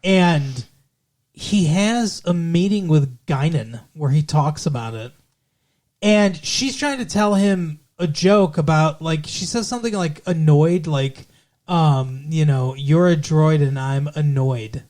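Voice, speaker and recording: A man co-hosting a podcast, recapping a TV show in casual chat with animated, profane ranting and lots of fillers. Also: a little high, takes it slowly. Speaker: podcast co-host.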